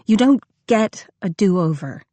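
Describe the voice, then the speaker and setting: A woman's voice: medium pitch, expressive, takes it slowly, warm tone, dry recording. A woman reading the part of a young woman who has been deceived by her lover, speaking emotionally and accusingly. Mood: angry.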